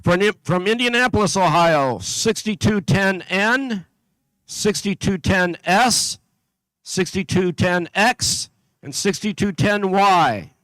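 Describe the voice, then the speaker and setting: Event announcer, male, high voice, dry close sound, reads team lists steadily with the odd slip. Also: takes it slowly, a bit bright, dry recording, poor audio. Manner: reads a list steadily, with small slips and asides. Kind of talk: announcing teams at a competition. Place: event venue.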